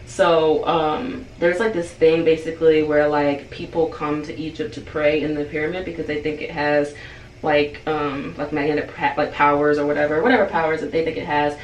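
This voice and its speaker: A woman's voice: sits low, little pitch movement, normal speed, far from the mic, muffled recording. A woman tells a casual vlog storytime in a chatty flow, leaning on "like" and slipping into the voices of the people in it. She sits back from the mic in a roomy space, with a faint hiss of noise behind her. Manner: chatty, heavy use of "like", acts out quoted dialogue. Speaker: beauty vlogger.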